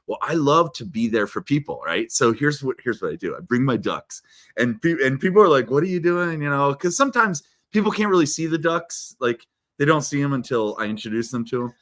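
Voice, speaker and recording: Male guest, lively rising and falling pitch, excited storyteller who restarts phrases a lot. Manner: animated storyteller, repeats words, swings loud and soft. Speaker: guest speaker. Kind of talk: casual interview chat.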